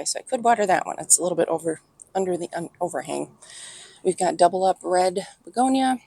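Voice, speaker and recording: Gravelly-voiced woman touring her garden. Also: fairly low pitch, expressive, quick pace, darkish tone. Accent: Upper Midwest American. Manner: chatty, muttering asides under her breath. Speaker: garden vlogger. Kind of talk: casual walking garden tour. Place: outdoor city patio garden.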